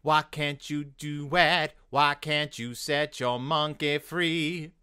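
A man's voice: on the high side, little pitch movement, slow pace, bright, forceful tone, clean tone, no echo, studio quality. A man co-hosting a podcast in casual, jokey chat, laughing as he talks. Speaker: podcast co-host.

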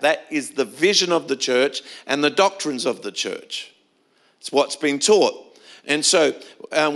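Telling stories in an easygoing way and frequently restarting, a middle-aged Australian pastor preaches a sermon in church. His voice is a little high with a fairly bright tone.

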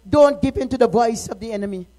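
A middle-aged woman minister preaching a sermon, moving from quiet, personal talk to impassioned shouting. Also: a little high, fast talker, poor audio.

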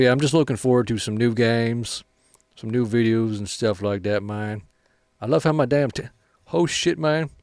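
A man's voice: medium pitch, darkish tone, no echo, clean studio sound. Rambling, swearing man playing a shooter. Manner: rambling, swears a lot, ends lines with "man". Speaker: gaming channel host. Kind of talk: casual gameplay commentary.

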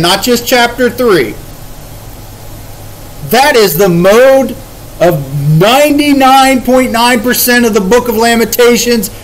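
High-voiced man teaching a Bible study. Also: a little hiss or hum, poor audio. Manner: conversational, emphatic, paraphrasing scripture in plain words.

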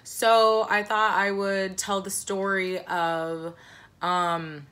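A young woman in her twenties with a bright, sharp voice tells a casual storytime to her camera. She rambles, keeps restarting, and drops self-deprecating asides. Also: mid-range voice, level tone, very slow. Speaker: vlogger.

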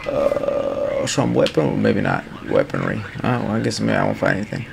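A man's voice: on the low side, wildly swooping pitch, moderate pace, creaky, very noisy. A man giving casual, rambling commentary while playing a game. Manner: rambling, loose and chatty. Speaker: gaming streamer.

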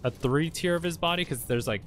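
A man's voice: fairly high pitch, brisk, noisy background. A man giving let's play commentary on a game, swearing often and yelping at enemies. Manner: profane, excitable, yelps at enemies. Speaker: gamer.

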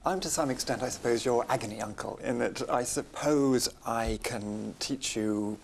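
A man working as an etiquette tutor on a reality TV show, coaching with a fussy, wry, gently teasing manner. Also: medium pitch, moderate pace, gravelly, slight background noise. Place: restaurant dining table. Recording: busy crowd chatter around. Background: diners chattering.

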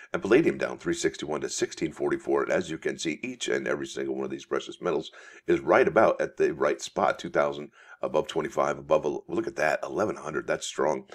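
Very deep-voiced man chatting folksily. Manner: reads articles aloud with asides. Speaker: coin channel host. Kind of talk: casual news commentary.

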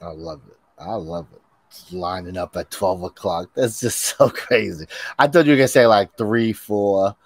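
A man co-hosting a podcast, bouncing quick reactions and casual swearing off his partner in casual chat. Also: lowish voice, no room sound. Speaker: podcast co-host. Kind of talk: casual pop culture chat.

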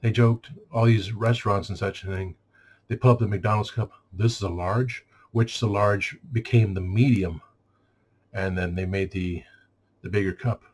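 Husky sarcastic man ranting. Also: on the low side, fairly even intonation, normal speed, a little mellow. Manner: sarcastic and exasperated, mimics customers. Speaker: store clerk venting. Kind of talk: casual rant.

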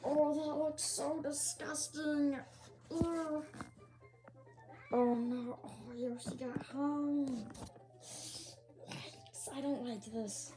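A performer voicing Yoshi, a small dinosaur creature, hosting a reaction video and groaning and pleading at each clip, with a slightly rough morning throat. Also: sits high, fairly even intonation, very slow, pauses often, music in the background. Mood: dismayed. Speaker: reaction channel host.

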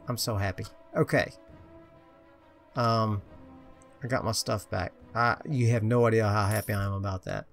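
A man's voice: on the low side, fairly even intonation, normal speed, pauses often, fairly bright tone, soft background music. A man casually commenting on his own video game play, muttering to himself and joking at his own expense. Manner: chatty, muttering to himself, self-mocking. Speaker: gameplay commentator.

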